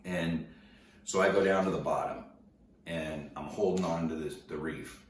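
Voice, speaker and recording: A man casually telling a story to an audience, laid-back and slangy, animated as he recounts it. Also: sits low, normal speed. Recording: roomy, distant mic, faint noise.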